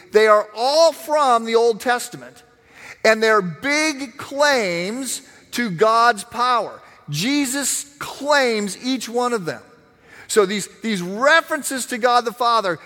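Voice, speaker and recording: A man preaching a sermon, teaching in an animated, emphatic way with frequent restarts. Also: sits high. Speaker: pastor. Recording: long hall reverb.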